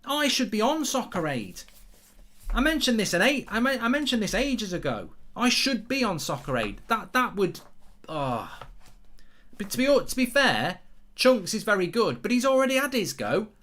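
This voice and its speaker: A man chats loosely through a live football watchalong, sarcastic and prone to swearing. His pitch swings widely from low grumbles to high outbursts. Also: big pitch swings, moderate pace, a bit bright. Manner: rambling, sarcastic, swears and sings along in bursts. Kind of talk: casual live-stream chat.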